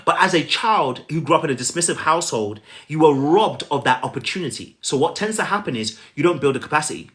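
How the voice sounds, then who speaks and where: A man with a slightly raised voice coaches his viewers on relationships. He talks straight at them, repeating key phrases and acting out little scenes. His delivery is lively and personal. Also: on the high side, fast, hardly any pauses. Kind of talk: coaching talk to camera.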